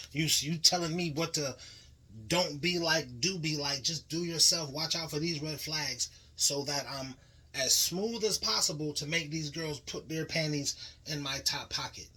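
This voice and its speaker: Bright-voiced man in slangy reaction chat. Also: a little high, breathy edge, rough recording. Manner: animated, slangy, restarts to make a point. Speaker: podcast co-host.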